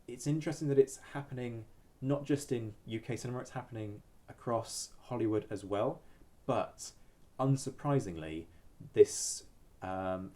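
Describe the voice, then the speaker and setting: A man speaking as a historian, giving measured expert commentary with frequent ums and pauses. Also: on the low side, warm tone.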